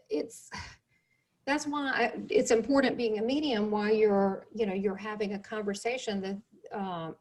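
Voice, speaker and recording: A middle-aged woman hosting a casual interview, telling lively stories and laughing often. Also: a little high. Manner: animated storyteller, laughs often. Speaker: host.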